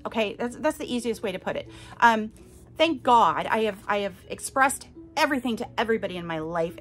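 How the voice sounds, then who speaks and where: A woman's voice: fairly high pitch, fairly bright tone. A woman hosting a podcast, telling her own story in a candid, emphatic way and turning often to her listeners to check in. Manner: candid and emphatic, addresses listeners directly with frequent "okay?". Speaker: podcast host. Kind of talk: personal testimony to listeners.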